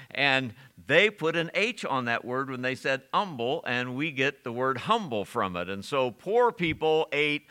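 A man's voice: medium pitch, animated, measured pace, sharp tone, clear, resonant tone. A man preaching a sermon, reading scripture aloud, asking his listeners questions and chuckling now and then. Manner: asks the congregation questions and reads scripture aloud; chuckles often while preaching.

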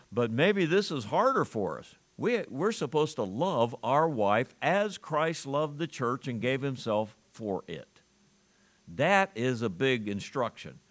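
A man preaching a sermon to a congregation, earnest, with pauses, restarts and emphatic rises on key lines. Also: mid-range voice, fairly bright tone. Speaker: pastor.

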